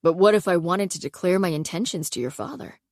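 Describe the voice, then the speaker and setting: A woman's voice: fairly low pitch, a little fast, no echo, lightly acted. A woman voicing a teasing teenage boy next door who talks in dry, mocking banter.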